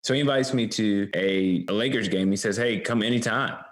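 A man telling stories as an interview guest, animated with quick asides. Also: on the low side. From United States. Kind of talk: storytelling interview.

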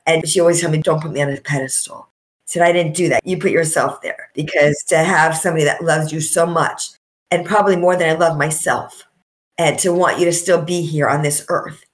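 A middle-aged woman guest on a podcast, talking in a heartfelt, reflective way and slowing down to stress her points. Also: low voice, fairly even intonation. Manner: heartfelt, reflective, slows for emphasis. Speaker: guest, coach and author. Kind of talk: emotional podcast interview.

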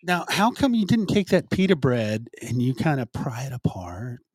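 Joking podcast guy, lively up and down voice, dry close sound. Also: medium pitch, moderate pace, no echo. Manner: joking, playful, laughs often. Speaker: podcast co-host. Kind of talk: casual chat.

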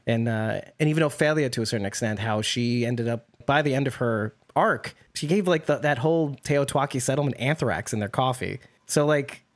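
A man co-hosting a casual TV recap podcast, rambling and animated, swearing now and then. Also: medium pitch. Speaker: podcast co-host.

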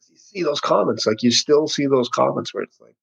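Man, husky voice, sarcastic satirist, rambling and restarting, casual interview, slightly muffled audio. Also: medium pitch, lively intonation, a little fast. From Canada. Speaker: satirical news writer.

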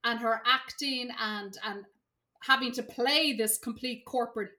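Female podcast co-host, bright and fairly high, eager but hesitant phrasing. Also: measured pace. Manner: enthusiastic, hesitant starts with ums. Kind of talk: casual movie review chat.

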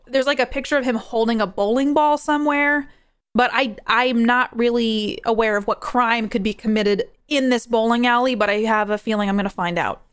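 A young woman hosting a podcast, chatting casually on her own, animated and prone to rambling tangents. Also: fairly high pitch, smooth, dry recording, studio quality. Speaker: podcast host. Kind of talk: casual solo movie chat.

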